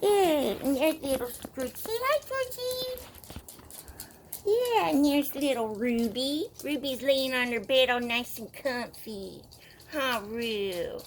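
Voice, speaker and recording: A woman vlogger chatting playfully to her pets and toys, calling each by name in simple, gentle sentences. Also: high voice, slow pace, slight background noise.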